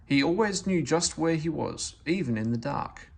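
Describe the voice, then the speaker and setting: A man reading a children's story aloud with expressive, animated narration. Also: on the high side, moderate pace, creaky. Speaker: storybook reader.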